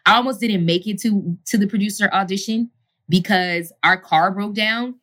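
A woman's voice: medium pitch, normal speed, a bit bright. A woman in her thirties, an actress and singer, telling her story as an interview guest in an earnest, heartfelt way, often asking "you know what I'm saying?".

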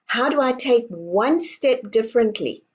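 A woman author guesting on an interview, speaking calmly and deliberately in guiding affirmations. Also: on the high side, lo-fi sound. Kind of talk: guiding, coaching talk.

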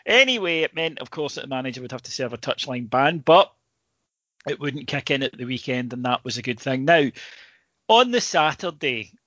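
A man's voice: medium pitch, animated, moderate pace, a bit bright, no room sound. A Scottish man, a sports journalist, telling a rambling, emotional story in casual chat, full of restarts.

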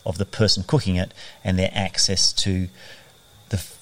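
A middle-aged Australian chef turned farmer speaks reflectively in a conversational interview, often using fillers and restarting sentences. His voice is low-pitched and flat, at normal speed.

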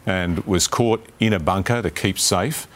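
A man's voice: low voice, unhurried. An Australian man speaking as a politician on a live TV panel, earnest and repeating words when pressed. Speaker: politician guest.

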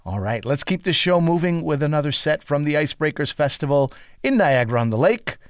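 A male host introducing comedians in a brisk announcer manner. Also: a little high, big pitch swings, a little hiss or hum.

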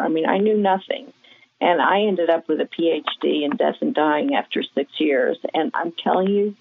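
A woman's voice: low-pitched, vocal fry, dry recording. A woman from Australia, guest on a radio show as a death doula, speaking emphatically and with enthusiasm. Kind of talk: phone interview. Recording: tinny phone line.

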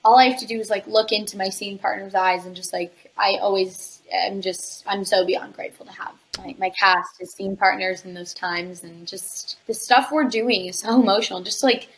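A woman's voice: mid-range voice, fairly even intonation, normal speed, hardly any pauses, fairly bright tone, poor audio. A young woman, an actress guest in an interview, answering in a chatty way with many filler words.

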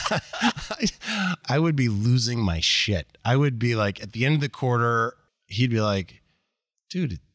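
A man, a company executive as interview guest, telling candid stories in a blunt, animated way and acting out quoted dialogue. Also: medium pitch, a little slow, no echo, studio quality. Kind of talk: candid conversational storytelling.

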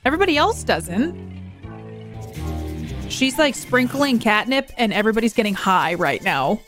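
A woman's voice sits slightly high as she talks through a film in a loose, chatty way, quick with dry, blunt jabs. Faint movie music plays underneath her. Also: big pitch swings, a bit bright. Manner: wry, chatty, frankly critical. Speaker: movie reaction vlogger. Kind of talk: casual reaction commentary.

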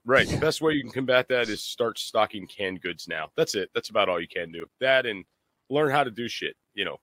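A man's voice: on the low side, animated, a little fast, pushed and bright. Blunt, profane man giving prepping advice. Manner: blunt, matter-of-fact, profane. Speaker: prepper guest co-host. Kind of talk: casual podcast chat.

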